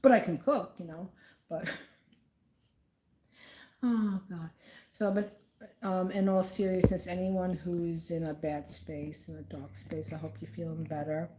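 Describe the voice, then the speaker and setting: A woman with a low, mellow voice talks to camera from her home. Her speech rambles and stops often, full of "um" and restarts. The room gives a roomy echo. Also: flat delivery, slight background noise. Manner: rambling and halting, many fillers. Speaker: vlogger. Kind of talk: casual talk to camera about grief.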